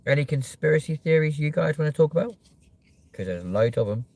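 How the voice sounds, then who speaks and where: A man's voice: a little high, expressive, fairly quick, vocal fry, a little mellow, no room sound. A young man hosting a live stream, chatting casually and joking with viewers, with plenty of swearing. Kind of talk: rambling live-stream chat.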